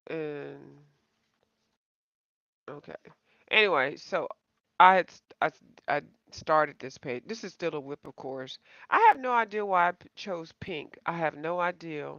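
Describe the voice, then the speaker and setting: On her coloring channel's live-stream, a woman rambles to viewers she calls y'all, making self-deprecating jokes. She speaks a little slowly with lively intonation in a low, slightly bright voice. The audio is a slightly dull, dry home recording with no room sound.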